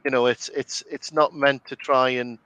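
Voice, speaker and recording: A man's voice: medium pitch, level tone, normal speed, fairly bright tone, smooth, dry recording. Chatty Geordie man hosting a podcast. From Northeast England. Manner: chatty, laughs often, many fillers and restarts. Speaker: commentary podcast host. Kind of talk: casual chat.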